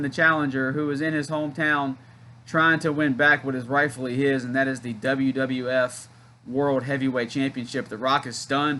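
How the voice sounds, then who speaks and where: A man hosting a wrestling watchalong, giving excited play-by-play with loud shouted counts and chatty asides. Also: mid-range voice, normal speed. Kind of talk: excited live play-by-play commentary.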